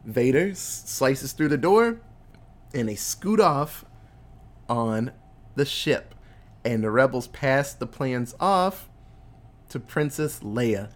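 A man hosting a casual chat, retelling a movie plot in animated, profane storytelling. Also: mid-range voice, slow pace, long pauses.

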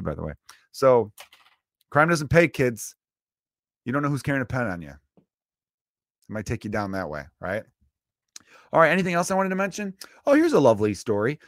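A man hosting a comedy podcast, rambling in a casual monologue, cursing freely and bursting into loud acted-out voices, speaking close to the mic. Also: mid-range voice, wildly swooping pitch, normal speed, pauses often, dry recording.

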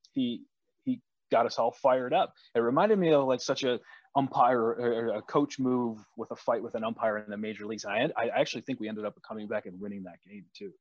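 A man's voice: mid-range voice, dry recording, highs cut off. A man hosting a casual chat, telling stories with frequent restarts and repeated words. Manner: storytelling, many restarts.

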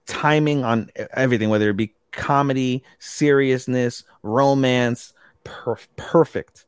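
A man co-hosting a podcast in casual chat, excitable, swearing freely and filling with ums. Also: medium pitch, unhurried, clear, resonant tone, no room sound, studio quality. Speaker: podcast co-host.

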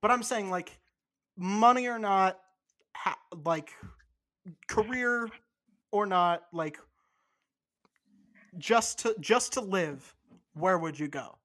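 A podcast co-host talking in a loose, rambling way and cursing casually. The voice sits at a middling pitch. It is relaxed, unscripted chat. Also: slow, long pauses.

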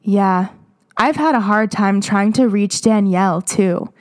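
A woman's voice: mid-range voice, a little slow, lightly acted. A woman reading the lines of a caring young male bandmate from a fan fiction. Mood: concerned.

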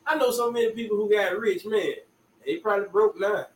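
A man's voice: high voice, fairly quick. A man hosting a casual chat, drawling and repeating his phrases with slang. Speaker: podcast host. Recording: echoey room from far off.

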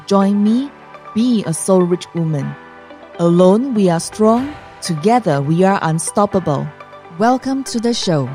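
A woman delivers a rousing, scripted podcast intro in a warm, dark-toned voice. Faint music runs underneath her. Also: mid-range voice, expressive, measured pace.

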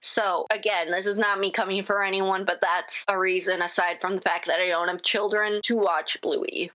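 A rambling, chatty woman on a solo podcast, who keeps breaking off mid-thought and starting over with "again." Her pitch sits in the middle, neither high nor low. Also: steady tone, normal speed, bright, forceful tone. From United States. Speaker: podcast host.

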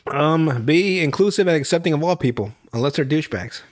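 A man's voice: a little high, lively intonation, brisk. A man co-hosting a podcast in loose, casual chat, laughing often and swearing freely. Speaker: podcast co-host.

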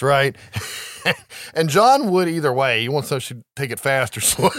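A man co-hosting a podcast, retelling a movie plot in a casual, animated way with frequent laughs. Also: medium pitch, a little slow, no room sound, clean studio sound. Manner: animated storytelling, laughs often, profanity. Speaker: podcast co-host.

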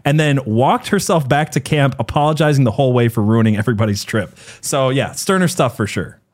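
A man's voice: mid-range voice, expressive, brisk. A man hosting a podcast in a casual, jokey way, laughing often and chatting with his co-host.

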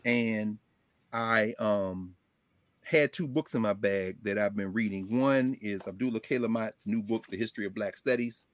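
A man's voice: fairly low pitch, normal speed, dry recording. A man hosting casual political commentary, talking emphatically with folksy asides.

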